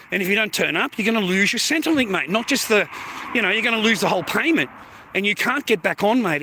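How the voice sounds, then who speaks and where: A man's voice: high-pitched, sharp tone. A man with an Australian accent, livestreaming a casual outdoor monologue, blunt and sweary, tagging his sentences with "mate" and "bro". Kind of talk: casual live stream monologue. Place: outdoors near neighbourhood shops.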